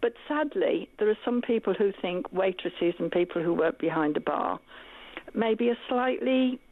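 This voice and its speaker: A middle-aged mother calling into a radio show, talking in a calm, chatty way. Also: mid-range voice, moderate pace, no echo. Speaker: caller. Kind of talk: phone-in call. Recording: tinny dry phone line.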